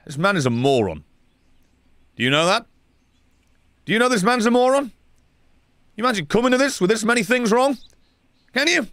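A young man playing a video game and commenting as he goes, sarcastic and swearing, dropping to mutters and then shouting. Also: medium pitch, no room sound. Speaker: gaming streamer.

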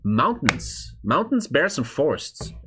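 A man's voice: medium pitch, sing-song, slow pace, background noise. A European man streaming casual reaction commentary, blunt and profane, reading chat aloud as he thinks.

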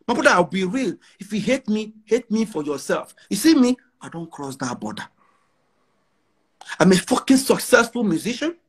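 A man with a Nigerian accent speaks in a husky, fairly high voice. He talks brashly and defiantly in an interview, hammering points home by repeating phrases. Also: very animated, normal speed. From northern Nigeria. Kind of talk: boastful interview talk.

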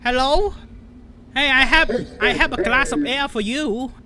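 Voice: high-pitched, unhurried, crowd noise. A gamer giving frantic, panicky commentary on a horror game, swearing constantly. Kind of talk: let's play commentary.

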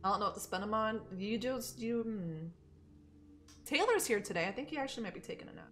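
A woman streamer thinks out loud through a game and chats with her viewers, with a lively voice that swings up and down. She swears casually and mutters to herself as she plays. A faint hiss sits under the audio. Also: a little high, a little fast. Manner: casual, profane, talks to herself and chat. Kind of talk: live-streamed gameplay chat with viewers.

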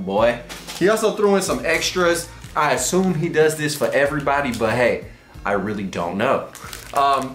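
A man's voice: mid-range voice, reverberant. A young man from Texas, rambling and joking in slang as he unboxes items for his vlog. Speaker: vlogger.

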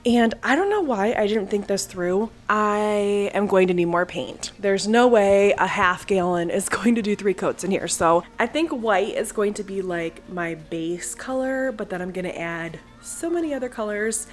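A woman's voice: mid-range voice, moderate pace, few pauses. Chatty woman vlogging from home. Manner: chatty, rambling, upbeat. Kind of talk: casual vlog chat. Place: her own living room at home.

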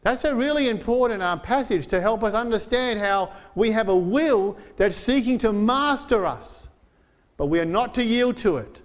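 High-voiced male pastor preaching. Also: lively intonation. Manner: earnest, with slowed emphasis on quoted verses; frequent fillers and restarts while preaching. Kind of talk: sermon.

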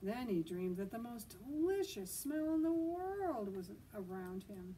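A woman librarian reads a picture book aloud at an outdoor children's storytime, gently pausing to ask her listeners questions. Her voice is mellow and dark in tone. She sounds a little distant from the microphone, with faint noise behind her. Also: fairly high pitch, big pitch swings.

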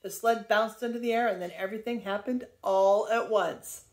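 An older woman, a grandmother, reading a children's book aloud in a lively, expressive way. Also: mid-range voice, moderate pace.

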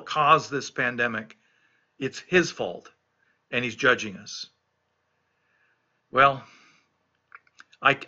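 Earnest pastor with a bright voice. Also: male voice, medium pitch, dull audio. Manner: earnest, emphatic, repeats key phrases. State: recovering from illness. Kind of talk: devotional reflection on scripture.

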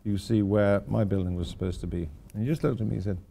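Deep gravelly older man lecturing. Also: fast talker, mellow. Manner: rambling, wry, self-deprecating asides. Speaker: architect giving a lecture. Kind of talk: informal lecture to students. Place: lecture hall at a university.

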